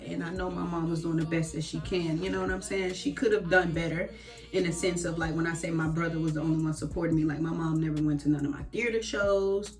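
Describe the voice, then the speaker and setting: A woman guest, in a casual personal chat, speaking openly and reflectively with many fillers. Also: fairly low pitch.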